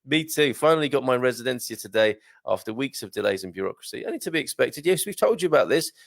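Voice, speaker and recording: A man's voice: medium pitch, animated, fast talker, gravelly, no echo, clean studio sound. A man from Britain hosting a live stream, reading out viewer comments in a chatty, joking way with many hesitations. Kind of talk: casual live chat.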